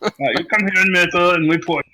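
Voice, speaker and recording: A man playing in a tabletop game, speaking in short, halting phrases. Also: sits high, bright, forceful tone. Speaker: player. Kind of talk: casual chat over a tabletop game.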